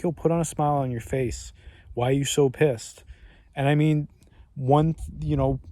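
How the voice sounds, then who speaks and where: A man's voice: medium pitch, dark tone. A man talking to camera outdoors in a rambling, profane, reflective way, often restarting his sentences. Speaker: vlogger. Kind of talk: casual reflective monologue. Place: outdoors among trees. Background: breeze and distant ambience.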